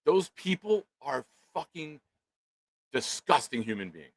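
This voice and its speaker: A middle-aged man, a co-host telling a profane, comedic story in loud, animated rants. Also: on the high side, unhurried, breathy edge, no room sound, low-quality recording. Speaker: podcast co-host.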